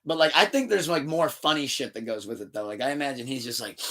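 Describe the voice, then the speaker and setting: A man hosting a casual podcast, telling stories in an animated way, laughing often and swearing freely. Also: medium pitch, quick pace, few pauses. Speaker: podcast host.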